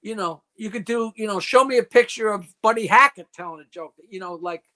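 A man's voice: high-pitched, brisk, bright, forceful tone. An older man in his seventies from New York, a comedian guest in a casual call-in chat, rattling off dirty jokes and stories.

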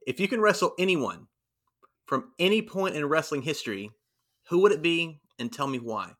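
A male host with a bright, crisp-edged voice. He leads a casual interview and asks his questions in an easygoing, encouraging tone. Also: fairly high pitch, lively intonation, moderate pace.

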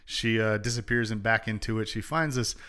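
A man's voice: fairly low pitch, sharp tone, clean tone. Male co-host with a twang, breezy and joking. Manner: jokey, acts out characters in quick asides. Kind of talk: casual chat retelling a book.

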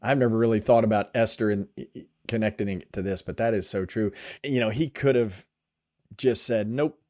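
A man's voice: on the low side, fairly even intonation, normal speed, darkish tone. A man hosting a faith podcast, telling a story earnestly and acting out what people said. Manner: earnest, emotional, acts out quotes. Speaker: podcast host.

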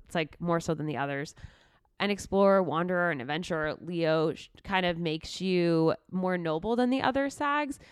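Smooth-voiced woman chatting casually. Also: fairly low pitch, moderate pace, dry recording, clean studio sound. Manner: chatty, reads traits aloud with frequent "like". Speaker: podcast co-host. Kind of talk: casual chat reading horoscope traits.

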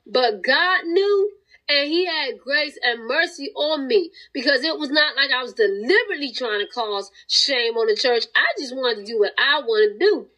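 A woman's voice: sits high, animated, moderate pace, bright, forceful tone, low-quality recording. A woman hosting a podcast, giving a fervent, sometimes tearful spoken testimony of faith to her listeners. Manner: fervent, preachy, tearful at times. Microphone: home podcast recording.

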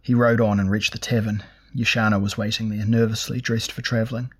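Male audiobook narrator, low voice, flat, measured delivery. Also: breathy edge. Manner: measured, even storytelling. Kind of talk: scripted fantasy narration.

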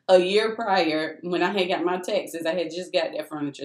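Animated woman telling a faith story. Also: fairly low pitch, normal speed, few pauses. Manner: animated, emphatic, addresses listeners as "y'all". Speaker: testimony speaker. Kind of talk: faith testimony, casual storytelling. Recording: echoey room.

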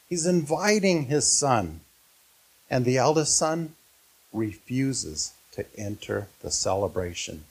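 Earnest, slow-speaking man preaching. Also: medium pitch, sing-song, breathy edge. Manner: earnest, questioning the listeners. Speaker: pastor. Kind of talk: sermon.

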